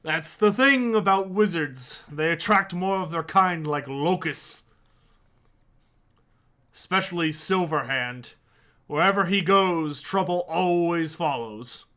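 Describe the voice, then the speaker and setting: A man voicing a gruff, stern old male dwarf runesmith with a hearty manner. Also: fairly high pitch, slow pace, bright, forceful tone.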